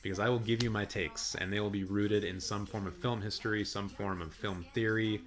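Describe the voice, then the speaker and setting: Man, low, raspy and hoarse, casual rambling live-stream host, good mic. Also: steady tone, fairly quick. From Canada. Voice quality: deep and raspy. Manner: chatty, rambling, with fillers and restarts. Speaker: film channel live streamer. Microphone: good studio mic.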